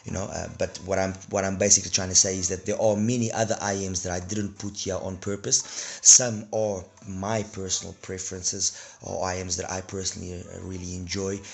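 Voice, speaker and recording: Hoarse, very deep, gravelly-voiced man. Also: flat delivery, brisk. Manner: rambling, many restarts and fillers. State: hoarse from a throat infection and cold. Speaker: earphone reviewer. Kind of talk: casual product review.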